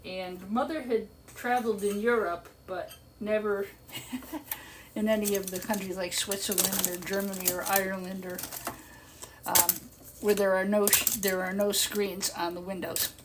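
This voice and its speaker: While working, an older woman hosting a live stream tells a long story in a casual, chatty manner, laughing often and growing animated when she quotes others. Her voice is medium-pitched and a little slow. Clear background noise with clicks runs through the recording.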